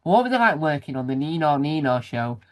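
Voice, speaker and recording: A man with a somewhat high voice hosts a relaxed interview. He asks long, winding questions full of restarts and keeps the talk going with quick "yeah"s. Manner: chatty, rambling questions, frequent short backchannels. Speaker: interviewer, host. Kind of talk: casual interview.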